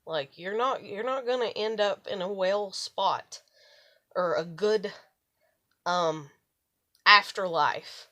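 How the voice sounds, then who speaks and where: A middle-aged woman vlogging in a rambling, profane monologue, animated when she retells arguments. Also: mid-range voice, slow, long pauses. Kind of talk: casual monologue to camera.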